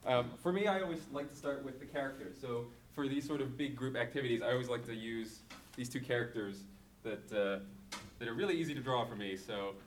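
A man's voice: mid-range voice, brisk, a little hiss or hum. A man, an author and comic artist, talking casually at a live book event with a hesitant manner and lots of fillers.

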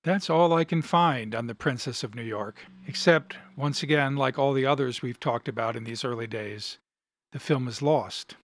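A man hosting a podcast, giving measured, thoughtful commentary on film history and reading passages aloud. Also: mid-range voice, dry recording. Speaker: podcast host.

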